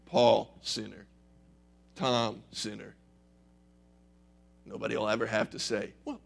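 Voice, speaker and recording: Gravelly-voiced pastor preaching. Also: male voice, medium pitch. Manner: conversational, emphatic, wry humor. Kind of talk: sermon.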